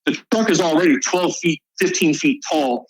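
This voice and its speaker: A man's voice: fairly high pitch, lively intonation, moderate pace, husky, no room sound, rough recording. A male soldier guest on a podcast, telling a combat story in a casual, profane way.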